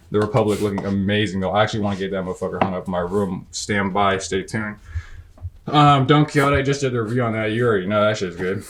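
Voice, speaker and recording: A man's voice: fairly low pitch, noisy background. A young man hosting a casual bookshelf tour, talking in slangy, profane, rambling bursts that often break off mid-sentence. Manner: rambling, self-interrupting. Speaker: book reviewer host.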